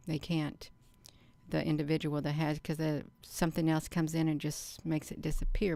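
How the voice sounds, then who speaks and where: A middle-aged woman hosting her own channel, talking slowly and earnestly to her viewers in a rambling casual monologue. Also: low-pitched, creaky, a little mellow, no echo. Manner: slow, earnest, addresses viewers as "you all". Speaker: channel host.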